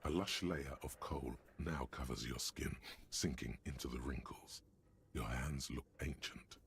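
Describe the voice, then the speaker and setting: An actor narrating a detective's inner mind in a game, in a dramatic, ominous way with a gravelly voice. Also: male voice, a bass voice, unhurried, fairly bright tone, slight background noise, exaggerated voice.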